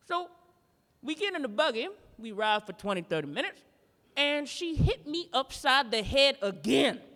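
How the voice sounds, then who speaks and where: A woman's voice: mid-range voice, fairly bright tone, long reverb tail. A woman reenacting a stand-up routine, telling a profane story with drawling, rhythmic asides. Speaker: stand-up performer. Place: art museum performance space.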